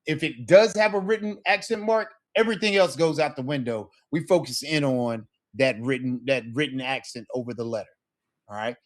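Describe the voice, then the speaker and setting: Man, teacher, patient explainer, mid-pitched voice, checks in often. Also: a little fast. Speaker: Spanish teacher. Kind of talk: online class lesson.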